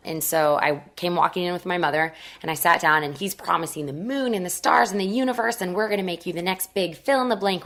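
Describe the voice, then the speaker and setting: A woman in her twenties, speaking as an interview guest. She tells her story with animated expression, and her voice sits a little low for a woman. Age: 20s.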